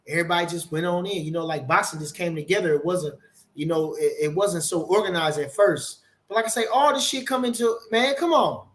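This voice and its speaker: A man's voice: sits high, a little fast. A man hosting a casual boxing live stream, rambling and emphatic, cursing freely and reading viewer comments aloud. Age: older. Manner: swearing, rambling, emphatic, reads chat aloud. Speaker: boxing channel host.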